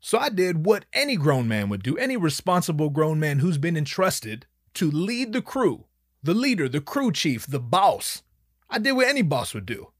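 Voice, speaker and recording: A man telling a personal anecdote in an animated, profane, emphatic way. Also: on the high side, normal speed, dry recording, studio quality. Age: young adult. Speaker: storyteller.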